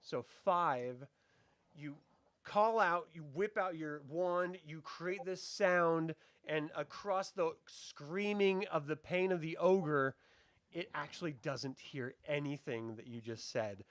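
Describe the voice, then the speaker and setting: A man's voice: fairly high pitch, slow pace, a bit bright, dry recording. A man running a tabletop game as game master, explaining rules and narrating the action.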